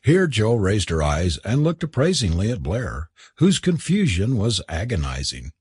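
A man's voice: fairly low pitch, huge pitch swings, moderate pace, a little mellow, slightly rough, dry recording, studio quality. A man narrating an audiobook, telling the story expressively and switching into voices for the characters.

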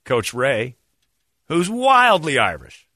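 A man hosts a radio show in loose, joking banter. He tells stories and ribs his co-hosts. His pitch rises and falls a lot, his tone is bright, and the studio sound is dry. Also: huge pitch swings, slow, no echo. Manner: joking, teasing storyteller.

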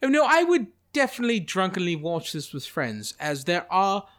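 Guy on a podcast, kinda high voice that swings around, dry humor, lots of uh. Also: sing-song, normal speed, fairly bright tone. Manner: wry, dry jokes with hesitant fillers. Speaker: guest co-host. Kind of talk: casual chat.

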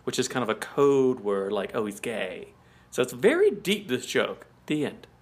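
A man's voice: mid-range voice, sing-song, normal speed, background noise. An American man co-hosting a podcast in casual chat, explaining at length and laughing often. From United States. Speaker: podcast co-host.

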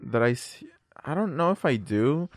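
A young man co-hosting a podcast, chatting casually with friends in an animated, playful way and swearing freely. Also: medium pitch, normal speed. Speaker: podcast co-host. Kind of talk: casual chat among friends.

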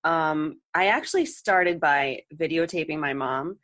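Rambling woman in her thirties, low-toned. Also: a little slow, fairly bright tone, no echo, clean studio sound. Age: 30s. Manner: rambling, full of "like" and "um", wry humor. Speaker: interview guest, trading contestant. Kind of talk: casual interview chat.

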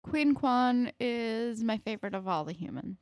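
A young woman co-hosting a casual recap podcast, animated and peppered with "like" and swearing. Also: fairly high pitch, moderate pace, no echo, clean studio sound. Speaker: podcast co-host.

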